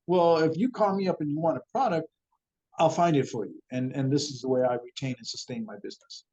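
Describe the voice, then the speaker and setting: A man's voice: a little high, brisk, darkish tone. A man speaking as a guest on a podcast interview, earnest and often repeating words as he thinks. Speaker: guest, ingredient supplier.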